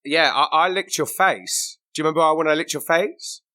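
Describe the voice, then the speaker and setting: A player in a tabletop game, chatting in a goofy, excitable way. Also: medium pitch, normal speed, no room sound. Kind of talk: casual game chat.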